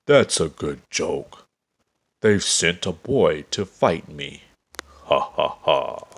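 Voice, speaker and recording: A huge, boastful giant warrior roars his challenges slowly in a deep, gravelly voice, as a male storyteller puts him on. His laughter booms and mocks. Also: lively intonation, exaggerated voice. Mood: mocking. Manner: roaring, booming, mocking laughter.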